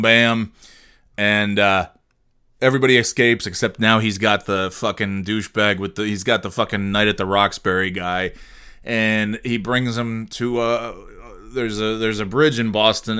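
A man with a bright, forceful voice talks through a film plot in a loose, rambling way. He swears freely, laughs at his own asides, and keeps losing his thread with fillers and restarts. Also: medium pitch, clear, resonant tone. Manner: digressive, profane, laughs often, trails off with fillers. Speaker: movie reviewer. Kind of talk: casual rambling movie recap.

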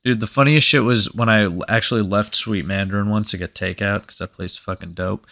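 A man's voice: fairly low pitch, fairly even intonation, fairly quick, bright, forceful tone. A man co-hosting a podcast. He tells a story in a rambling, casual way, full of "like" and freely swearing. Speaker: podcast co-host.

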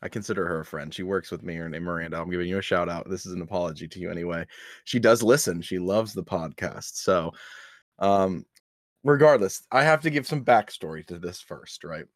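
A man's voice: low-pitched, brisk, no echo, clean studio sound. A man co-hosting a podcast, telling a rambling, self-mocking story in casual chat, swearing and laughing at himself. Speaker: podcast co-host.

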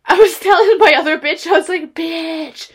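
A woman's voice: very high-pitched, moderate pace. A woman chatting casually on a stoner vlog, stoned, coughing and laughing, with crude slang. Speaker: vlogger.

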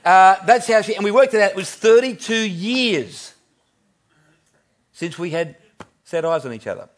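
A man in his fifties with an Australian accent, preaching a sermon in a relaxed storytelling way, chuckling and restarting his sentences as he goes. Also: high-pitched, moderate pace. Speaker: pastor.

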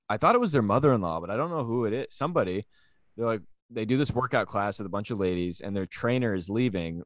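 A man's voice: lowish voice, no echo. A man, a comedian, chatting casually with friends on a podcast, rambling and restarting his sentences. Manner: rambling, with frequent restarts and laughter. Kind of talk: casual banter.

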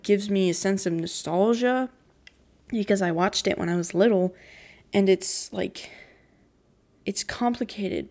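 A woman's voice: mid-range voice, darkish tone. A teenage girl hosting a casual solo podcast, recapping a cartoon in a rambling way full of "like", emotional and with a voice quaking on the verge of tears. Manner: emotional, near tears, giggly, rambling with many "like"s. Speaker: podcast host.

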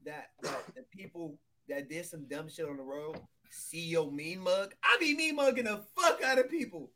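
High-pitched lively man, blunt. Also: normal speed. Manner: blunt, emphatic, laughing. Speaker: podcast co-host. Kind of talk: casual banter.

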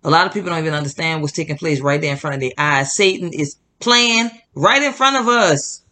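A man's voice: a little high, a little fast, bright, forceful tone. A man hosting indignant religious commentary, talking straight to his viewers with emphatic repetition and a fired-up, preachy delivery. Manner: fired-up, preachy, addresses audience as "y'all". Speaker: Christian commentary host.

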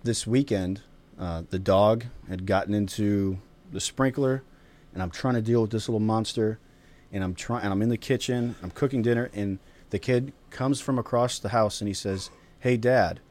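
A man's voice: fairly low pitch, fairly even intonation, normal speed, a little mellow. A man hosting a round-table talk, telling reflective stories about his young son. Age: father of a young child. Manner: storytelling, reflective. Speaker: podcast host.

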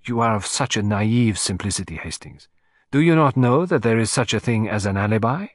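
A male reader gives voice to a meticulous middle-aged Belgian detective. His speech is measured, exact and gently mocking, and his pitch rises and falls with lively emphasis. The recording is dry and close, like a storybook read in a studio. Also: no echo. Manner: precise, measured, lightly ironic.

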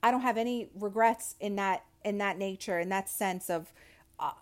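A woman's voice: mid-range voice, expressive, moderate pace. A woman in her thirties talking straight into her podcast mic with a fiery, motivational push. She swears at nearly every turn and gets so worked up that she shifts around in her chair. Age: 30s. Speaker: podcast host. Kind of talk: motivational monologue.

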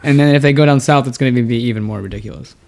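A man on a casual podcast, joking with quick interjections. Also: mid-range voice, gravelly, a little mellow.

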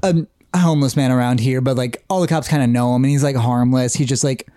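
A man's voice: medium pitch, steady tone, mellow, no echo, studio quality. A young man co-hosting a podcast, chatting casually and chiming in often with short remarks. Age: young adult. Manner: quick to chime in with short backchannel remarks. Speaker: podcast co-host. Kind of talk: casual chat.

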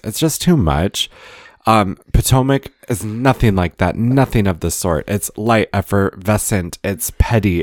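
Deep-voiced man gossiping playfully. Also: dry recording, clean studio sound. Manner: gossipy, playful, dramatic retelling. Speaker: podcast co-host. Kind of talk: casual chat.

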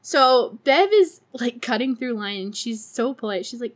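A woman hosting a podcast, recapping a movie in a casual, profane, sarcastic way, laughing often and doing high voices for the characters. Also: animated, measured pace. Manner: acts out characters in a high put-on voice. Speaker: podcast host.

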